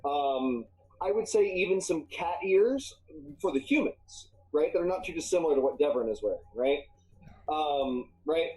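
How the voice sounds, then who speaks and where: Male game master, mellow low-bright tone, halting narration full of ums. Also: expressive, poor audio. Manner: halting, many ums and uhs. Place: live stream.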